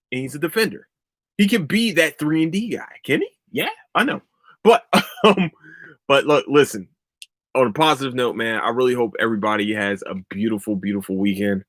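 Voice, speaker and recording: A man's voice: mid-range voice, bright, forceful tone, no echo. A young man hosting his own podcast, ranting casually and profanely. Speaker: podcast host. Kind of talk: casual solo podcast rant.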